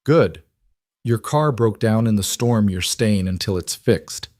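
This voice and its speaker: A man voicing a protective single father who speaks calmly and firmly. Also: lowish voice, measured pace, no room sound, studio quality. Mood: steady. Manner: calm, firm.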